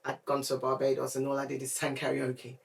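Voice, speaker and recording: A woman's voice: rumbling low, monotone, a little fast, creaky, recorded from a distance, a little hiss or hum. A woman co-hosting a podcast in casual chat, telling stories at length. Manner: chatty, storytelling. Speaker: podcast co-host.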